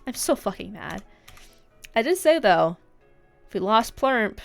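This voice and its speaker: A woman's voice: medium pitch, very animated, normal speed, creaky, fairly bright tone, soft background music. A woman hosting a casual let's-play, rambling and swearing in frustration as she plays. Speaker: gaming channel host.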